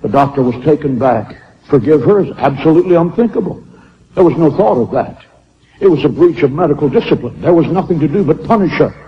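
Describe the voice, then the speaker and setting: A man preaching a sermon, swinging from shouted lines to hushed ones as he tells a story. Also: on the high side, animated, fairly quick, in a large hall, highs cut off, slight background noise.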